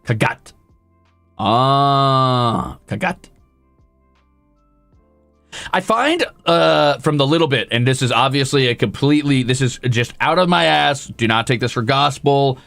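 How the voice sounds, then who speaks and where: A man's voice: mid-range voice, lively intonation, normal speed, gravelly, hardly any pauses, fairly bright tone, dry recording, faint music behind. A male streamer chatting casually with his viewers, rambling and poking fun at himself. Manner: rambling, self-deprecating, talks to chat. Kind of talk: casual livestream chat.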